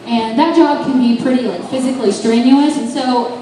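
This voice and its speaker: Young female stand-up, high voice, chatty and self-deprecating, recorded from far off in a boomy room. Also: fairly even intonation, moderate pace, warm tone. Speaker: stand-up comedian. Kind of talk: stand-up comedy set. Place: bar open mic stage. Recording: echoey room, distant mic, background noise.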